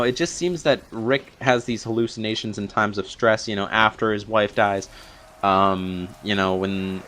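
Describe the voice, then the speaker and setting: A man's voice: lowish voice, fairly bright tone, a little hiss or hum. A young man recapping a TV episode in a long, rambling unscripted review, full of fillers and restarts. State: a little out of breath from long talking.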